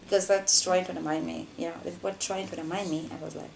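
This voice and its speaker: A woman from Africa telling a personal story in a vlog, saying "you know" constantly and jumping high in pitch when she quotes others. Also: steady tone, very fast, vocal fry, a little mellow. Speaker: vlogger.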